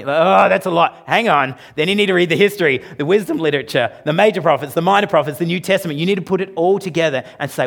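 Man, pastor, sermon, higher-pitched, emphatic, swings from loud to hushed. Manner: emphatic, rises and drops in pitch and loudness for emphasis; conversational, asks the congregation questions.

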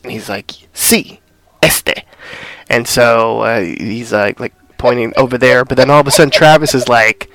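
A man's voice: mid-range voice, normal speed, no room sound. A man co-hosting a casual podcast, retelling a TV episode and acting out the characters' lines. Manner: animated retelling, acting out dialogue. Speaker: podcast co-host. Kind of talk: casual recap chat.

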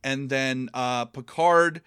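A man on a podcast, casually and profanely recapping a TV episode with sarcastic jokes and quick quoted lines. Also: mid-range voice, fairly even intonation, a bit bright, clear, resonant tone, dry recording, studio quality. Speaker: podcast co-host.

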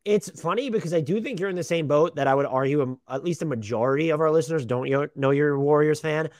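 A fast-talking man co-hosting a sports podcast, his voice sitting a bit high for a man. He banters in a profane, self-deprecating way, recorded dry and close on a podcast mic. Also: darkish tone, no room sound. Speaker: podcast co-host. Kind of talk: casual sports podcast chat.

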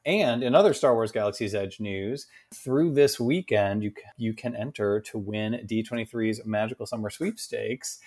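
A man's voice: fairly low pitch, normal speed, few pauses, a little mellow. Playful male podcast co-host. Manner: playful, jokey news delivery. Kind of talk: casual chat.

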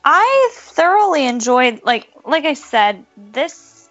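A woman gushes through casual podcast chat, emotional, with "um" fillers and little laughs. Her voice sits a bit high. The recording sounds slightly dull and lo-fi. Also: big pitch swings, takes it slowly, fairly bright tone, soft background music. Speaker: podcast co-host discussing a TV show.

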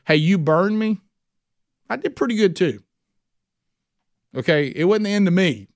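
A man's voice: high voice, lively intonation, measured pace, no room sound, clean studio sound, voice pushed up. A man voicing a proud older brother who is indignant and sure of himself, speaking in a boastful, defiant way.

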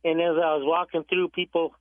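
A man's voice: on the high side, level tone, brisk, dry recording. A man calling in to a radio show, rambling through a story. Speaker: caller. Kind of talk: telling a story on a phone call. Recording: tinny phone line.

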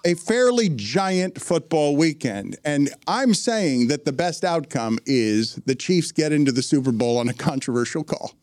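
A man hosts a podcast in loose, chatty conversation. His voice sits a bit high and he rambles through anecdotes with frequent fillers. The studio sound is close and dry. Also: animated, measured pace, few pauses, a little mellow, dry recording. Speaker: podcast host. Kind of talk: casual studio chat.

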